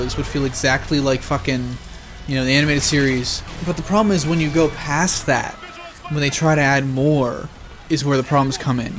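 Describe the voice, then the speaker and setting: Young guy reacting to a movie, swearing a lot, excitable, voice kinda high. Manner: excitable, profane, talks over the film. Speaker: movie reviewer. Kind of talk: reaction commentary.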